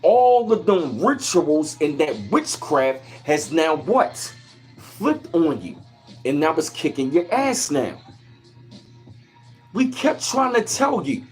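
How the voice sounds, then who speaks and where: A man's voice: on the high side, big pitch swings, slow, faint music behind. Fiery, preachy man ranting on a livestream. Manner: fiery, preachy, repetitive, profane. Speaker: livestream host.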